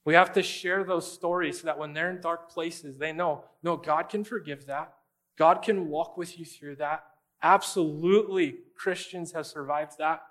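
A man's voice: on the high side, fairly bright tone. Emphatic, conversational male pastor. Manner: conversational, emphatic, addresses listeners directly. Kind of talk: sermon.

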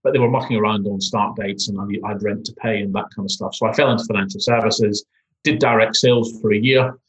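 A man with a Scottish accent, a founder speaking as a guest on a podcast interview over a video call, relaxed and rambling. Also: lowish voice, brisk. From Scotland. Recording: echoey room on a call.

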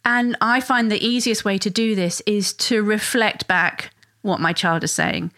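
A woman talks through a parenting podcast in a relaxed, conversational way, now and then slipping into quoted voices at a higher pitch. Her voice sits in the middle range and the sound is close and dry, with no room around it. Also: measured pace, no echo. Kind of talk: solo podcast explanation.

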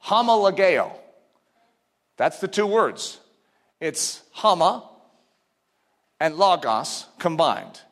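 Male preacher, animated and emphatic, sharp bright tone, long hall reverb. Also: fairly high pitch, slow, pauses often. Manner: animated, emphatic, conversational teaching. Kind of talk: sermon.

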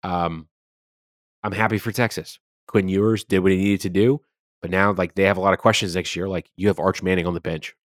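A podcast co-host with a low, steady voice talks briskly and animatedly about sports, casually swearing as he rants about games. The audio is clean studio sound with no room noise.

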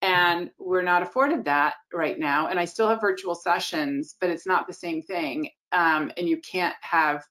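A woman casting director answering interview questions in an animated, emphatic way, with quick asides. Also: lowish voice. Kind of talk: casual interview talk.

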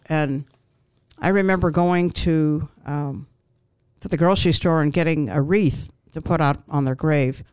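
A woman speaking as a grief counselor guest in an interview, giving calm, reassuring advice with frequent ums and restarts. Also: low voice, clear, resonant tone, no room sound.

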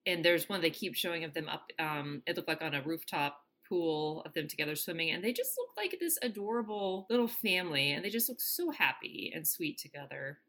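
A young woman co-hosting a podcast in casual chat, tossing in quick quips and gushing reactions. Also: low-pitched, expressive, fairly bright tone. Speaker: podcast co-host.

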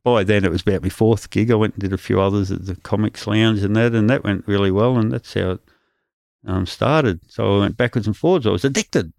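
An Australian man spins comic anecdotes in a relaxed interview, slipping into the voices of the people in his stories. His voice sits low with a gravelly edge. The recording is close and dry. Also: a little fast, no echo. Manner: animated anecdotes, acting out others' lines. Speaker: comedian guest. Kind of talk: casual storytelling interview.

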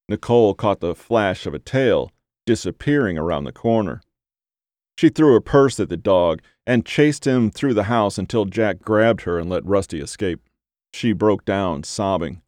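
A man narrating a story in a steady, measured reading voice. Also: on the low side, dry recording, clean studio sound.

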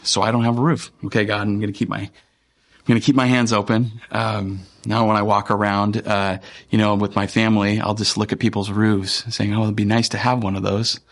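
A man, a pastor, giving a conversational and earnest sermon with frequent pauses and fillers. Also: lowish voice, level tone.

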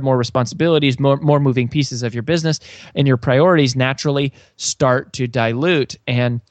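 A man's voice: mid-range voice, no echo. Earnest man telling a story. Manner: earnest, frequent restarts and fillers. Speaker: author and sales coach. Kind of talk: storytelling interview answer.

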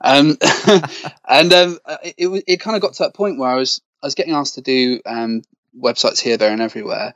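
A man's voice: mid-range voice, normal speed, a bit bright, no room sound. An English man from Gloucestershire, a podcast guest, talking casually in a rambling, self-deprecating way with many ums and restarts over a video call. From Gloucestershire, England. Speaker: podcast guest, web business owner. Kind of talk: casual interview chat.

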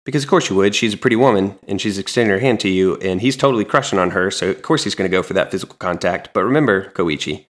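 A man co-hosting a podcast, casually recapping a comic in a relaxed, meandering way with frequent ums. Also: low voice, fast, few pauses. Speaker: podcast co-host.

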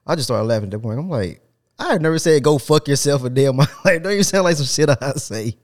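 A man hosting a casual podcast, telling an animated, profane story with laughter. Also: fairly high pitch, a little fast. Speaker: podcast host.

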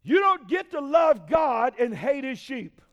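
High-voiced preaching pastor, booming and hushed. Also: male voice, sing-song, unhurried. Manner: preaching with call-and-response, shouting peaks and dropping low. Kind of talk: sermon.

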